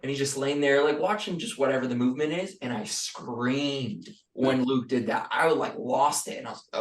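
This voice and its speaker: A man co-hosting a casual podcast, excitedly retelling his reactions with lots of filler words. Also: medium pitch, a little fast, hardly any pauses, reverberant, recorded from a distance. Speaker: podcast co-host. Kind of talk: casual chat.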